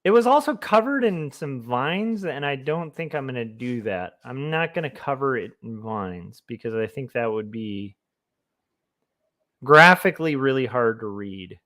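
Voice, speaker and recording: A man's voice: medium pitch, expressive, a little slow, bright, forceful tone. A man, a comic artist, chatting casually on a livestream in a rambling, self-amused way. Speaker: comic artist streaming his work.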